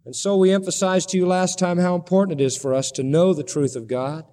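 A male pastor preaches with a fairly high voice, pleading passionately with his congregation and swinging between loud rises and quiet drops. His words carry a long reverb, as if he were in a large church hall. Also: fairly even intonation, fairly quick. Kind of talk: sermon.

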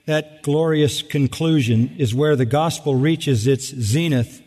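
A man preaching a sermon in a large church hall, with a somewhat high voice. He talks animatedly, jumping up in pitch to act out voices and landing lines with sarcasm. The sound carries a long hall reverb. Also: slow, a little mellow. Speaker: pastor.

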